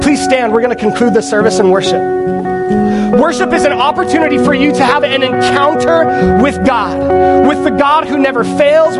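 A man preaching a sermon as pastor, impassioned and building toward near shouts. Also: very high-pitched, normal speed. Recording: loud guitar music behind voice. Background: guitar music.

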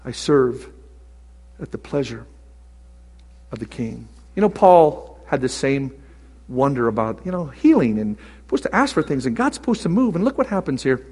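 A man preaching a sermon as pastor, swinging from loud exclamations to hushed whispers. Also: medium pitch, sing-song, normal speed, breathy edge, long reverb tail.

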